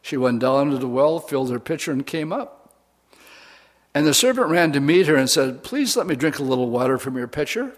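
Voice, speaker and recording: A man's voice: a little high, a little fast. Man preaching a folksy Bible sermon. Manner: retells scripture in plain folksy words, animated.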